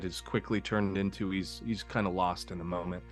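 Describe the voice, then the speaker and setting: A man with a fairly low voice plays his character at a tabletop game, earnest and gentle as he thinks aloud. Soft music runs in the background. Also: fairly even intonation, normal speed, hardly any pauses. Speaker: player. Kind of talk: in-character tabletop role-play.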